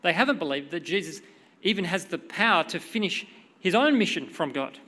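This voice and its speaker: Bright-voiced middle-aged preacher in a reverberant hall. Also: male voice, high-pitched, fairly quick. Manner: conversational, expressive, reads scripture dramatically. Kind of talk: sermon with prayer and storytelling.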